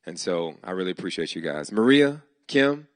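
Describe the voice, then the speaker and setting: Guy with a lowish voice thanking his team at a demo day, slangy and heartfelt, dry close sound. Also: sing-song, normal speed, no echo. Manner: heartfelt, casual, slangy shout-outs. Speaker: event host giving thanks. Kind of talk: live speech at a startup demo day. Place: event hall before an audience.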